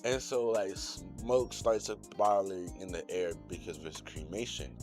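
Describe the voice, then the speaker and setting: A man's voice: lowish voice, moderate pace, hardly any pauses, soft background music. A young man hosting his channel, recapping an anime episode in a loose, slangy, profane way full of fillers. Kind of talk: casual recap commentary.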